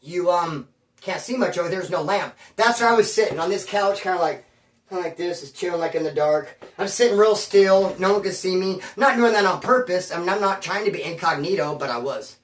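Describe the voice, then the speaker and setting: A man telling a story in a rambling, slangy, animated way, recorded in a room at his home. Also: sits high, a little fast. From Bakersfield area. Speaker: storyteller on his own channel. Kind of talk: casual storytelling. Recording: roomy, mic at a distance.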